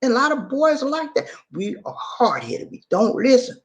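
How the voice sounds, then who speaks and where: A man's voice: extremely high pitch, big pitch swings, moderate pace. A man hosting a casual vlog, chatty and repetitive as he quizzes viewers. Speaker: channel host.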